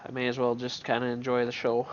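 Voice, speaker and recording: A man's voice: medium pitch, monotone, fast talker, muffled recording, a little hiss or hum. Offhand man narrating his gameplay. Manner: offhand, thinking aloud with many restarts. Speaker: gamer commenting on his own match. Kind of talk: gameplay commentary.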